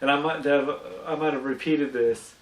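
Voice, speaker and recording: Recorded at a distance in an echoey room, this man's higher-leaning voice moves at normal speed with fairly even intonation. As a podcast co-host, he gives a casual, rambling recap of a cartoon episode, restarting a lot and performing characters' lines.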